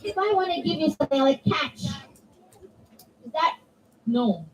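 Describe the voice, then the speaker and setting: In a religious center hall, a woman gives an interactive religious talk to children, animatedly acting out her examples in voices. Her voice sits high and unhurried, recorded roughly from a distant mic.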